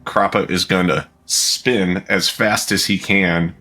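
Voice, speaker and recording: A man's voice: deep voice, fairly even intonation, takes it slowly, sharp tone. A man playing a tabletop role-playing game, talking in a casual, rambling way. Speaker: player.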